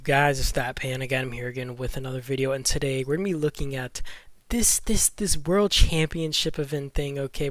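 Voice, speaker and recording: A man's voice: medium pitch, dry recording. A man talking casually about a mobile game event, thinking aloud as he goes, often stumbling over his words. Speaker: gaming YouTuber.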